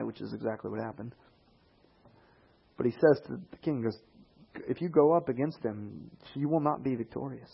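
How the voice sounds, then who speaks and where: Slightly husky man preaching a sermon. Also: medium pitch, moderate pace, pauses often, lo-fi sound. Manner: animated preaching with quoted voices and rising emphasis.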